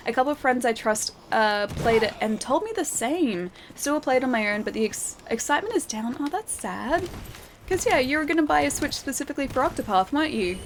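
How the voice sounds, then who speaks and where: A woman's voice: on the high side, background noise. A young woman streaming a game, chatting loosely with her viewers and reading their messages, with lots of fillers and laughs. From Australia. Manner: chatty, rambling, laughs often, many fillers. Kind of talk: casual gameplay commentary with chat reading. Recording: game music behind voice. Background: game music.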